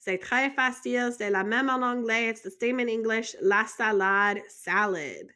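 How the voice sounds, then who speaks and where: A woman's voice: a little high, moderate pace, sharp tone. An American woman teaching a French vocabulary lesson in a chatty way, joking and asking the viewer questions. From United States.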